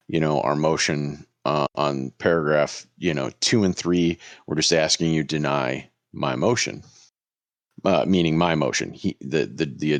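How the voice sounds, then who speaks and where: A man's voice: deep voice, dry recording. A man, a lawyer, telling a story on a casual podcast and acting out the lines people said. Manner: animated, acts out quoted lines.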